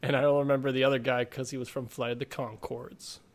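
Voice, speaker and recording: A man's voice: medium pitch, flat delivery, quick pace, slight background noise. A man co-hosting a pop-culture podcast, talking casually with lots of filler words. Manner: chatty, many "like" fillers. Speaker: podcast co-host. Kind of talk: casual chat.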